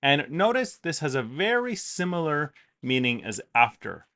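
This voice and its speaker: A man's voice: a little high, big pitch swings, normal speed, bright, forceful tone. Man explaining grammar with emphasis. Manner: clear, emphatic explanation with repeated examples. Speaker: English teacher. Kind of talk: grammar lesson.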